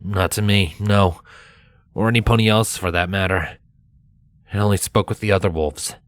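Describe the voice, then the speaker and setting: A man's voice: low-pitched, steady tone, normal speed, dry recording, lightly acted. A man voicing a shaken young male pony who speaks hesitantly in a fan story reading. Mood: haunted. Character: shaken young stallion, quiet and haunted.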